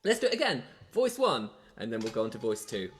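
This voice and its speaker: A man's voice: medium pitch, huge pitch swings, fast talker, loud music behind the voice. A man leading a home choir session online, explaining the parts and singing lines for people to copy. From South London. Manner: talks, then demonstrates sung lines. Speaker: choir leader.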